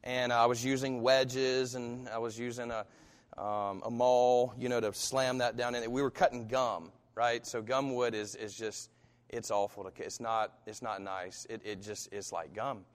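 A man's voice: medium pitch, normal speed. Man preaching in a reverberant hall. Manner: animated storyteller, acts out quoted voices. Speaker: pastor. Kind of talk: sermon with personal story. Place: church.

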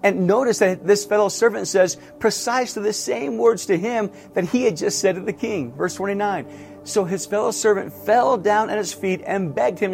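A man's voice: high-pitched, normal speed, vocal fry, a little mellow, faint music behind. A middle-aged man, a pastor, preaching a sermon with earnest, emphatic repetition.

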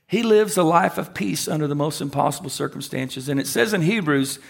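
A man with a high voice preaches a sermon. He talks to the congregation conversationally, then slows right down to lean on the words that matter. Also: gravelly, breathy edge. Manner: conversational preaching with emphatic slowed phrases. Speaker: pastor.

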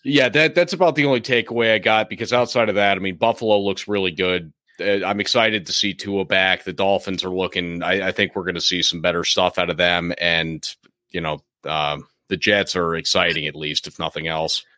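Deep-voiced laid-back man, bright edge. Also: level tone, normal speed, no echo, clean studio sound. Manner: laid-back, blunt, mild swearing. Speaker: sports podcast co-host. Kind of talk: casual sports talk.

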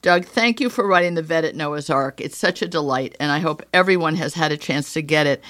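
A woman's voice: low-pitched, fairly quick, a bit bright, dry recording. A woman hosting a podcast, thanking her guest and reading the show's sponsors. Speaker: podcast host. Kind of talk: podcast interview and sponsor read.

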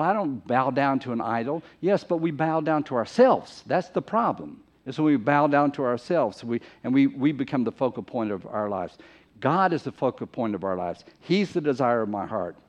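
A man's voice: on the high side, animated, moderate pace. A man preaching a sermon in an emphatic, conversational way, often repeating phrases for stress. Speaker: pastor. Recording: muffled lo-fi recording.

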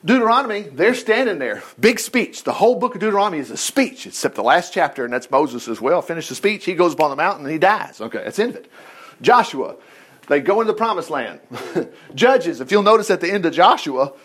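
A man preaching a conversational sermon, reading scripture aloud with lively, digressive asides and quips. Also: a little high, brisk, breathy edge.

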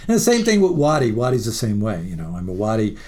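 Animated man telling rock stories. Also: lowish voice, fast, a crowd in the background. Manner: animated, profane, laughs through stories. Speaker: musician guest. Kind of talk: casual storytelling interview.

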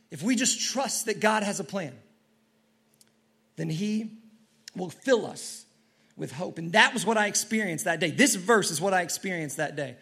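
A male preacher with a fairly high voice delivers a sermon from a church stage. He tells his story earnestly, stumbling over restarts and moving from loud to quiet. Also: expressive, moderate pace, gravelly, breathy edge. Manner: earnest storytelling with many restarts and swings in loudness. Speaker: pastor.

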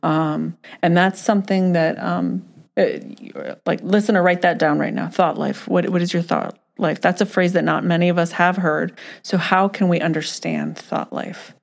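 Warm-toned podcast host, a woman with gravelly lows. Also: fairly even intonation, moderate pace. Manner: affirming, encouraging, speaks to listeners directly. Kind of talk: podcast conversation.

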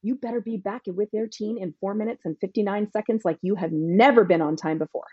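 A parenting coach gives an emphatic, punchy answer to an interview question, at times acting out what parents and teens say. Her medium-pitched voice is slightly rough and brisk. The lo-fi recording has no echo.

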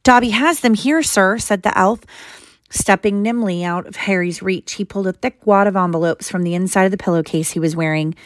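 A woman reads a storybook chapter aloud to her child, her voice sitting low for a woman and steady in pace. The sound is close and dry, with no room around it. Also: brisk, dry recording. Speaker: mother reading to her child.

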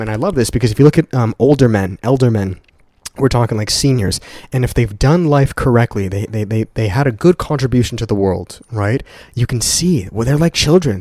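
A mid-range, slightly mellow voice belongs to a young man hosting his own casual motivational podcast at home in a condo, and the recording is dry and clean like a studio. Addressing listeners as "guys," he's earnest and profane, repeating words to drive points home.

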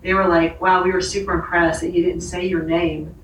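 A woman's voice: on the low side, flat delivery, brisk, roomy sound, far from the mic, slight background noise, poor audio. A woman telling a personal story as a guest in a conversation, laughing often and acting out the voices of the people she quotes. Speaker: author and podcast guest.

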